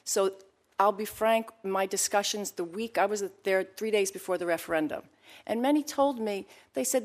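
A woman testifying at a hearing, answering a question at medium pitch. She speaks earnestly and with emphasis, breaking off and restarting her sentences as she thinks. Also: brisk. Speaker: expert witness at a hearing.

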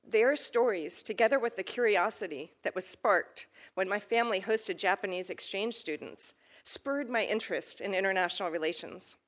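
An earnest woman in her fifties from the United States delivers formal prepared testimony before a committee. Her voice is measured and steady, carries at a middle pitch, and now and then turns emotional. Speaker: ambassador nominee testifying. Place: committee hearing chamber.

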